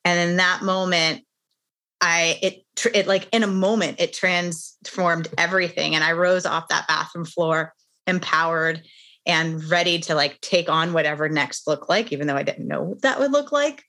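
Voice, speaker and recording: A middle-aged woman guest speaking with a bright, forceful edge and a slightly low pitch. She tells her story earnestly and candidly, in a conversational interview. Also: normal speed. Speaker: podcast guest, author.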